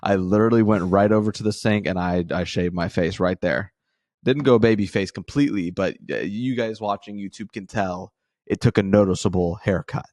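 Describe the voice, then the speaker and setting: A young man co-hosts a casual podcast in a relaxed, self-deprecating way. His voice is very low, and the dry, close recording has no room sound. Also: fairly quick, no room sound. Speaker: podcast co-host. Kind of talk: casual chat.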